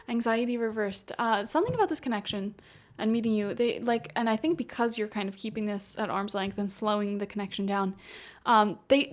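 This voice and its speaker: A woman giving a casual tarot reading to her viewers, chatty and laughing often, with lots of "like" and "you know". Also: fairly high pitch. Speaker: tarot reader. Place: home room with a cat.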